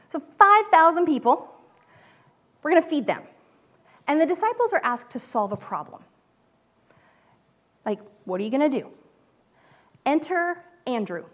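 Woman, mother, casual devotional talk, high voice, chatty, lots of fillers, acts out quotes. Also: big pitch swings, normal speed, pauses often. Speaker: speaker, mother.

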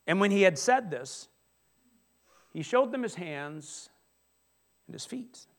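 A man with a notably high voice delivers a sermon. He preaches in an animated, conversational way, often restarting phrases and turning to the congregation with asides. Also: slow pace, pauses often. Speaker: pastor.

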